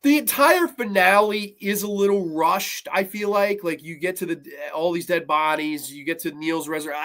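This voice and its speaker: A man reviewing horror films on his own show, talking casually with heavy swearing and lively swings in his delivery. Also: sits high, normal speed, hardly any pauses. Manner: profane, animated, mocks scenes in put-on voices. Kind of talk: casual solo film review.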